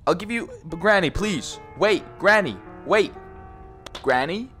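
Young guy gaming, kinda high voice that jumps around a lot, swears, jokes, says bro, faint music behind. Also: lively intonation, unhurried, sharp tone. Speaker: gaming YouTuber. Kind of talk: casual horror game commentary.

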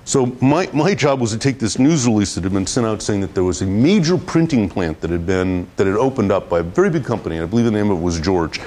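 A man giving a guest lecture on public relations to students, telling an animated anecdote in a classroom and often repeating and restarting his words. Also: fairly low pitch, quick pace, few pauses.

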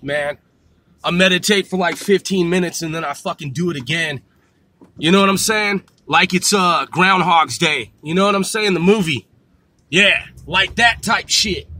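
A male vlogger in his forties delivers a boastful, profane rant to camera, trash-talking, swearing constantly, and adding "man" to his lines. His voice is high-pitched and bright, with a forceful tone.

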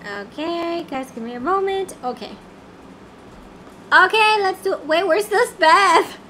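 A woman's voice: extremely high pitch, expressive, slow, pushed and bright, a little hiss or hum. A woman chatting casually on a game livestream, easily flustered and singing snatches of songs.

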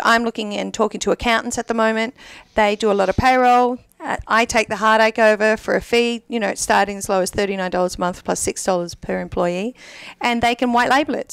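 An Australian woman chatting casually on a talk show, upbeat and talkative as she pitches her business services. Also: fairly even intonation, a little fast, creaky, dry recording. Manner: chatty, upbeat, self-promoting. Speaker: payroll services guest.

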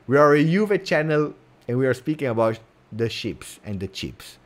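A man's voice: medium pitch, big pitch swings, normal speed. A man hosting a casual livestream chat, teasing and repeating words for effect. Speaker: host of a football fan channel.

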